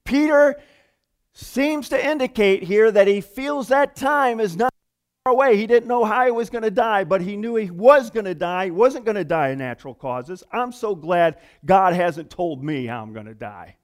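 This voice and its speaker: A man preaching a sermon to his congregation in an animated, conversational way, with emphatic asides. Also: high-pitched. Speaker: pastor.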